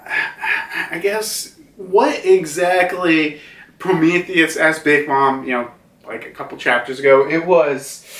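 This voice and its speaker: A man's voice: a little high, a bit bright. A man casually reviewing a comic chapter, rambling with many fillers and restarts. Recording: roomy, distant from mic.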